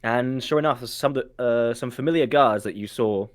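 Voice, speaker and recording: A man narrating a tabletop game as game master, halting with many fillers. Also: mid-range voice. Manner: halting, many ums, lively voicing of guards.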